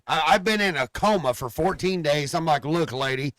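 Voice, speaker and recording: A man's voice: fairly high pitch, animated, fairly quick, a bit bright, no room sound. A man telling a crude hospital story in casual podcast chat, acting out what people said. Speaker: podcast co-host.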